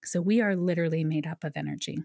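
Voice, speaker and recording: Speaking at a quick pace in a low, creaky voice, a psychic medium guests on a podcast and earnestly tells her story, explaining ideas conversationally with lively asides. No echo, studio-quality audio.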